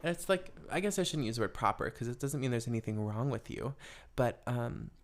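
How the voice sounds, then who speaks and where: A man's voice: mid-range voice, lively intonation, brisk. A young adult man hosting an advice podcast, musing in a rambling, casual way with many fillers. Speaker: podcast host giving advice.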